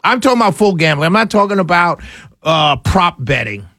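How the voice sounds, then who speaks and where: A male radio host, delivering a sarcastic, animated talk radio monologue. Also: high voice, a little fast, no echo, clean studio sound.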